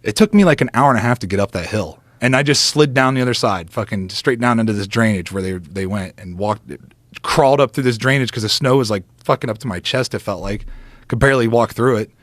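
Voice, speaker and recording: A man on a podcast telling a long hunting story in a casual, animated way, swearing often and laughing between lines. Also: medium pitch, quick pace, no room sound. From United States. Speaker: podcast guest, former football player.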